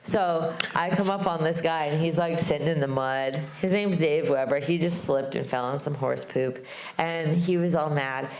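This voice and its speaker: A woman telling a lively travel story to a live audience, acting out the voices of people she met and laughing along the way. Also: low voice, moderate pace, roomy sound. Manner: animated storyteller, acts out voices, laughs often. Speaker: guest speaker, long-distance hiker. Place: club venue before a live audience.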